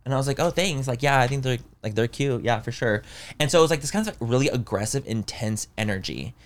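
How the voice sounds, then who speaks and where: Fast-talking young man telling a story. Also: mid-range voice. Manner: animated, quoting others in lively voices. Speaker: podcast co-host. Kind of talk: casual storytelling chat.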